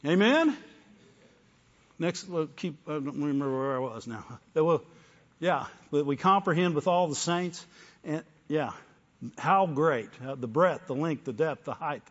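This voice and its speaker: An older male preacher with a fairly high voice delivers a sermon in a room with a long, ringing reverb. He swings from fervent, rising call-and-response bursts down to quiet, confiding storytelling. The sound is slightly dull and muffled. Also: moderate pace. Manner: drops into soft storytelling.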